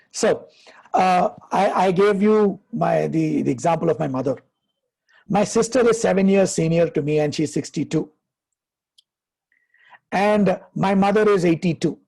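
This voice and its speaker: A man, a happiness coach giving advice and telling stories in a deliberate way, slowing down for emphasis. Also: high-pitched, animated, creaky, darkish tone, slightly rough. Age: 50s. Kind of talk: conversational advice, storytelling.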